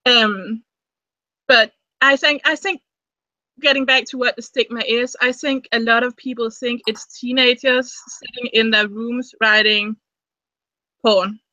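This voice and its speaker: A woman's voice: a little high, fairly even intonation, measured pace, bright, forceful tone, no room sound, muffled recording. A woman in her thirties co-hosting a casual live stream, chatty and often repeating words as she starts a thought. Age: 30s. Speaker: co-host.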